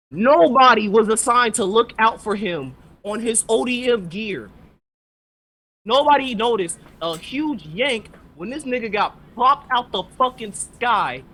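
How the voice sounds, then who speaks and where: A man's voice: extremely high pitch, bright, forceful tone, rough recording. A man co-hosting a podcast, ranting heatedly and sarcastically about an anime episode, swearing constantly. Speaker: podcast co-host. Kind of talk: profane ranting anime recap.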